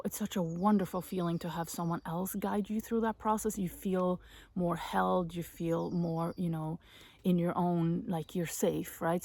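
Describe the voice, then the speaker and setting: Soft-spoken woman with a husky whisper. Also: on the low side. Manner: soft, often drops to a breathy whisper. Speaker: vlogger on inner child healing. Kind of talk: gentle self-help talk to camera.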